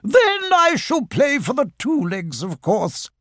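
A man's voice: very high-pitched, huge pitch swings, slow pace, dry recording, studio quality, pitched above the performer's own voice, full character voice. A man doing a prim, lofty otter lady. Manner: prim, dignified, quiet. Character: polite, proud female otter.

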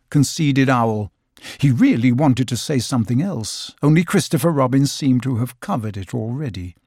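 A man narrating a children's storybook audiobook in a gentle, measured way. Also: medium pitch, breathy edge, no echo, studio quality. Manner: gentle, measured storytelling with lively vocal shifts.

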